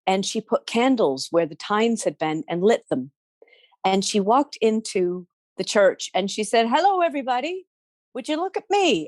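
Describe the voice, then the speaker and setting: Woman storyteller, animated, playful, chatty asides, dry close sound. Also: on the low side, dry recording. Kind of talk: oral storytelling.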